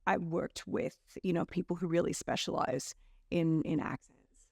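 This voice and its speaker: A woman's voice: lowish voice, fairly even intonation, normal speed, gravelly, warm tone, dry recording, studio quality. A middle-aged woman with an Australian accent, an actress chatting casually in an interview, telling stories with playful quoted asides.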